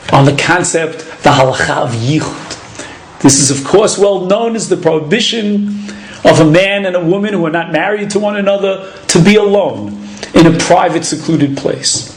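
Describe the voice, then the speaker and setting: High-voiced rabbi lecturing in an echoey room. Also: male voice, a little hiss or hum. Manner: measured, deliberate teaching delivery with Hebrew terms. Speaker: rabbi giving a Torah class.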